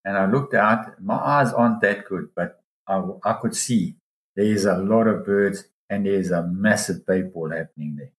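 A man with a rather low voice, a dive guide, recounts a lengthy diving tale at normal speed during a laid-back interview in an echoey room. Quoting other people, he becomes lively and leaps up in pitch.

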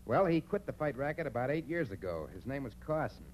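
A man's voice: mid-range voice, very animated, fast, close to an everyday voice, rough recording. An actor playing a tough male boxing trainer who barks orders, in 1940s radio acting. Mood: gruff. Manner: barking orders, gruff. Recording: old radio recording with crowd noise.

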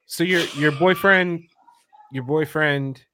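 A man's voice: a little high, slow, bright, forceful tone, a little hiss or hum. A man co-hosting a podcast, chatting enthusiastically and swearing casually.

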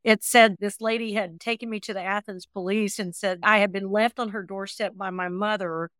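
A woman in her sixties speaks as an interview guest, recounting her story with earnest, animated warmth and acting out quoted lines. Her voice sits in a middling pitch. The recording is close and dry, with no room sound. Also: moderate pace, smooth, no echo. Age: 60s. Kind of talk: emotional personal storytelling.

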